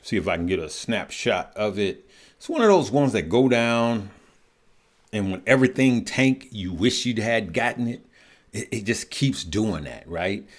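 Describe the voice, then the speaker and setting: Male livestream host, lowish voice, loose and chatty, reads comments and thinks aloud. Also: expressive, measured pace. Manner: chatty, laughs often, greets viewers by name; thinks aloud, trails off while checking charts. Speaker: livestream host for stock and crypto trading. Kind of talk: casual live-stream chat reading viewer comments.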